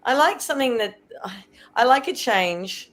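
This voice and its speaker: A woman's voice: fairly high pitch, expressive, normal speed, fairly bright tone. A woman guest on a fan podcast, chatting in a conversational, thoughtful way. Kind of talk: casual fan chat.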